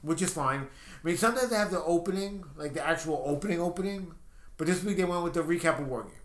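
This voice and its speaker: A man's voice: a little high, fast, fairly bright tone, echoey room. A man co-hosting a casual podcast chat, enthusiastic and often acting out quotes. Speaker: podcast co-host.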